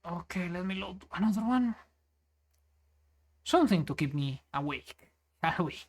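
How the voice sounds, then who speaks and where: A tired man chatting casually on a live stream while he plays, talking flatly and swearing often. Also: high voice, measured pace.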